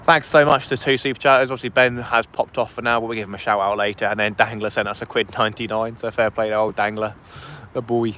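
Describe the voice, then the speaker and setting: A man's voice: fairly low pitch, fairly even intonation, quick pace, few pauses, pushed and bright, slight background noise. A man hosting a fishing livestream in casual chat, talking to viewers outdoors on a phone. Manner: chatty, reads out chat and thanks donors. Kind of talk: casual live-stream chat. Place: outdoors by the sea wall. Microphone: phone streaming vertically.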